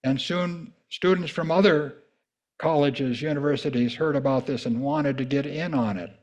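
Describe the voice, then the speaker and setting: A man preaching a sermon as pastor, slow and deliberate, lifting his voice high and loud when reading scripture. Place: church in the Pacific Northwest.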